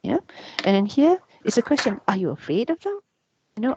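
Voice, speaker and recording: A woman's voice: a little high, big pitch swings, fairly quick, background noise. A woman teacher giving a casual lecture on Arabic grammar, chatty and full of "yeah" and "you know" fillers. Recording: dull, muffled sound.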